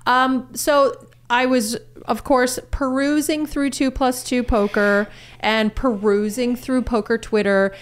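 A woman's voice: on the high side, steady tone, slow, clear, resonant tone. A woman co-hosting a podcast in casual chat, teasing and stating opinions with confidence. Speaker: podcast co-host.

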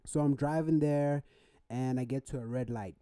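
A young man talks casually on a podcast, laid-back and slangy, telling a story with "bro" tossed in. His voice is mellow and dark, recorded dry and close. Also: mid-range voice, normal speed, smooth, no echo. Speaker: podcast co-host. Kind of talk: casual chat.

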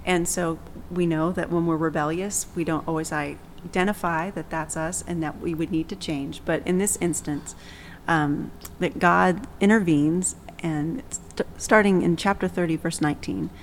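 A woman hosting a faith discussion, speaking calmly and reflectively and reading from scripture. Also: fairly low pitch, moderate pace, hardly any pauses, a little hiss or hum, rough recording. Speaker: podcast host.

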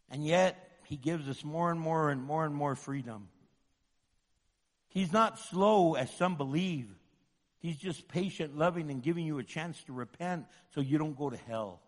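A high-pitched man preaching with humor and energy, slipping into voices for the people in his stories. The long echo of a big hall trails after each phrase. He sounds like a pastor talking straight to his congregation. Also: measured pace. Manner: lively, humorous, acts out quoted voices. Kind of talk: sermon.

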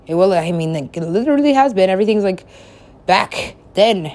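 A woman's voice: expressive, a little fast, a little mellow. A woman rambling through casual stories, laughing often, swearing, and acting out her own lines with big swings in voice. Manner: giggly, swears a lot, acts out her own quotes with big pitch swings.

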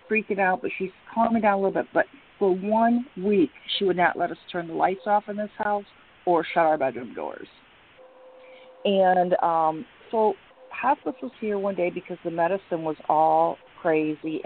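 A middle-aged woman telling a long personal story, rambling with many fillers and restarts. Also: on the low side. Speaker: guest. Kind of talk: emotional personal account. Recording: tinny phone line with faint hiss.

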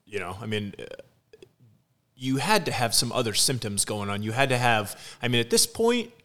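A man's voice: medium pitch, sing-song, normal speed, sharp tone. A man co-hosting a casual chat, blunt and interjecting, swearing freely. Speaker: co-host.

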